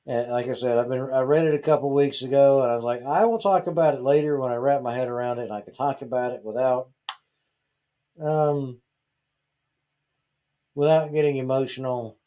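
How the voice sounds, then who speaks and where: This Georgia podcast host has a medium-pitched voice, speaks at normal speed, and pauses often; the recording is muffled. He's casually ranting, heated and exasperated, tossing out one rhetorical question after another.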